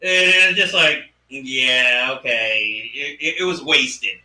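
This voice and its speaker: A man co-hosting a casual movie discussion podcast, animated and laughing often as he acts out lines. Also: medium pitch, slow, echoey room, distant mic, low-quality recording. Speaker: podcast co-host.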